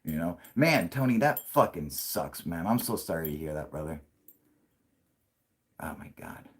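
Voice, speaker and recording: A man's voice: low-pitched, sing-song, unhurried, husky. A man hosting a casual late-night livestream, talking in a rambling, profane way and laughing often. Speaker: livestream host.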